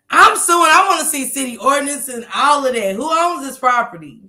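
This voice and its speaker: Animated, bright-voiced woman telling a story. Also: high-pitched, moderate pace. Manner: animated, laughing often, acts out what others said. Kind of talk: casual storytelling to a live chat.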